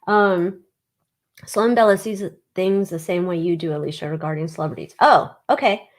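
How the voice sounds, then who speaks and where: A woman's voice: on the low side, normal speed. A woman hosting a casual livestream, chatting bluntly and reading viewer comments. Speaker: livestream host.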